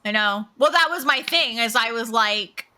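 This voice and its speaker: A woman's voice: fairly high pitch, lively intonation, normal speed, background noise. A woman co-hosting a casual chat podcast, talking in a dry, exasperated, self-deprecating way. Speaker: podcast co-host, bride-to-be.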